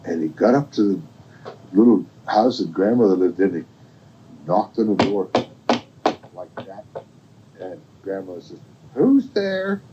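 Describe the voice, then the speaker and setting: An older man, a grandfather, telling a bedtime story to a child in a folksy, rambling, gentle way at home. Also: sits low, unhurried, long pauses, slight background noise. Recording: dull lo-fi home recording.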